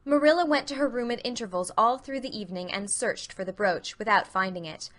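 A woman narrating a dramatic audiobook reading with clear, expressive storytelling. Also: on the high side, fairly quick.

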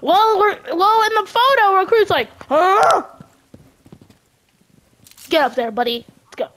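A young woman chatting casually while playing a video game, excitable and often yelling at teammates. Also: very high voice, a little slow. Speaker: gamer streamer.

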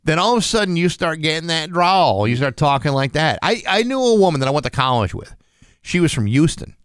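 A man hosting a radio morning show, chatting casually and joking dryly, reading the weather with filler pauses into a studio microphone. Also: on the high side, very animated, fairly bright tone, clear, resonant tone, dry recording. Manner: dry joking, reads the forecast with filler pauses.

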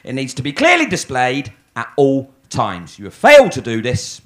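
Comedian putting on a prim, smug parking official. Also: male voice, mid-range voice, wildly swooping pitch, moderate pace, a bit bright, pitched below the performer's own voice. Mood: condescending. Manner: prim, condescending, formal phrasing.

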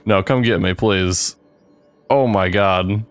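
A young man commenting on his own playthrough of a game, reacting excitably and swearing freely, with sudden yelps. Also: on the low side, slow pace, clean tone, dry recording, soft background music. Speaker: gamer playing a modded game. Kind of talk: let's play commentary.

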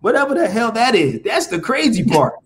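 A man's voice: extremely high pitch, big pitch swings, fairly quick, slight background noise. A man hosting a live podcast, ranting profanely and firing rhetorical questions at his viewers. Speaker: podcast host. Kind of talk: casual live-stream rant.

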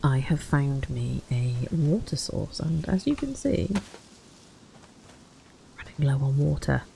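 Low, gravelly, and mellow, this young gaming host's voice is very animated yet slow, with slight background noise behind it. She offers casual commentary on a survival game, muttering chatty, wry remarks to herself as she plays.

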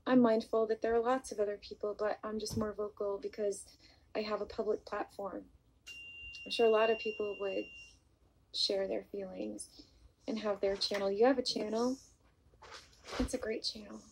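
A woman hosting a casual live stream on her vlog, greeting viewers by name and reading their comments aloud, speaking softly and apologetically about her mood disorder into a phone or webcam mic. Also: medium pitch, little pitch movement, moderate pace, creaky, long pauses, slight background noise, rough recording.

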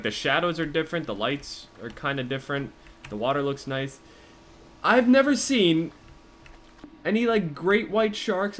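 A young man giving live gameplay commentary, cursing constantly and swinging from low muttering to panicked yells. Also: a little hiss or hum. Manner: profane, excitable, jumps from muttering to panicked yelling. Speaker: gaming commentator.

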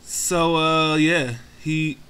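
A man's voice: fairly high pitch, fairly even intonation, extremely slow, heavy background noise. Young man ranting through a game. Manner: profane, ranting play-by-play; exasperated, self-mocking asides. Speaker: gaming commentator. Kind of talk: casual game commentary.

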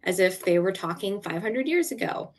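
A woman's voice: fairly low pitch, lively intonation, moderate pace. A woman co-hosting a podcast, chatting casually and telling stories with animation, laughing often. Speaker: podcast co-host, author. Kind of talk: casual chat.

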